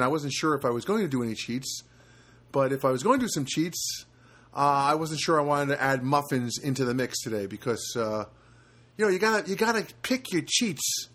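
A man's voice: a little high, lively intonation, brisk, fairly bright tone. A man hosting a casual solo podcast from a studio apartment, rambling and self-deprecating, with many fillers and restarts. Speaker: podcast host.

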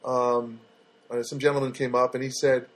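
A man's voice: medium pitch, little pitch movement, moderate pace, fairly bright tone. A man hosting a casual solo podcast from his apartment, talking in a loose, rambling way with many fillers and restarts. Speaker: podcast host. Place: studio apartment.

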